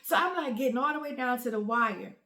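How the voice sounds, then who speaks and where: Bright-voiced mom telling a story. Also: female voice, fairly high pitch, brisk. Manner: emotional, animated retelling with many "like" fillers. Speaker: mother and family vlogger. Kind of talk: casual storytelling to camera. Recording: roomy echo.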